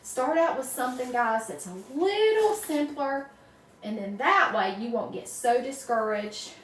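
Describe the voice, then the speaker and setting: Designing a wreath live, this Southern-accented North Carolina woman greets her viewers by name and chats easily. She speaks a little slowly in a high, expressive voice, picked up by a distant mic with roomy echo and slight background noise.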